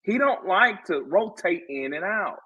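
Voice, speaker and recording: A man's voice: sits high, unhurried, husky, highs cut off. A man talking football on a casual sports podcast as a guest co-host. He talks with passion and repeats himself to drive a point home. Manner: impassioned, animated, repeats himself for emphasis.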